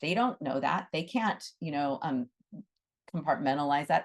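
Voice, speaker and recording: A woman's voice: low voice, lively intonation, normal speed. A woman teaching an online Animal Reiki class, earnest and emphatic, repeating phrases for stress. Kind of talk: live online class talk.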